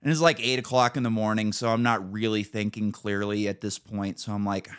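Man, american, low pitch, casual podcast host, profane storyteller. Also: steady tone, brisk, clear, resonant tone. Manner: profane, storytelling with acted-out quotes. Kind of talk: casual chat.

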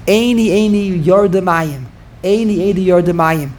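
A man giving an informal Torah class, thinking out loud and repeating phrases for emphasis while answering students. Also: sits high, normal speed, a little hiss or hum. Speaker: Torah teacher.

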